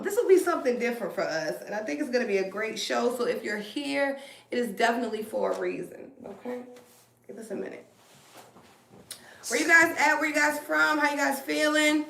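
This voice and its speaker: A woman's voice: a little high, moderate pace, vocal fry, recorded from a distance. A woman hosting a tarot live stream in casual chat, greeting viewers and laughing often. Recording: roomy echo over loud music.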